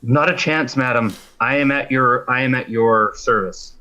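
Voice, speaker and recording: A man's voice: medium pitch, moderate pace, sharp tone. A man playing a tabletop game, polite, deferential and hesitant. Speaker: player. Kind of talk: tabletop role-play. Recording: dull lo-fi mic.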